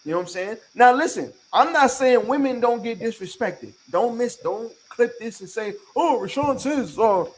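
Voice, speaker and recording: A man's voice: very high voice, expressive, moderate pace, hardly any pauses, slight background noise, rough recording. A man hosting a podcast in casual chat, talking emphatically with a lot of profanity and repeating his points to lecture his listeners. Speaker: podcast host.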